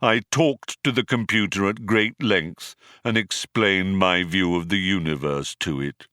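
A man voicing a gloomy, depressed male robot in an audiobook, with a muffled, mournful drone and slow, dejected delivery. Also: low-pitched, sharp tone, no room sound, studio quality. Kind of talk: audiobook character voice.

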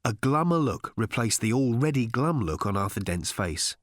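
A man reading an audiobook aloud as narrator, in a wry, measured storytelling manner, recorded in a studio. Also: medium pitch, big pitch swings, no echo. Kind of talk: scripted narration.

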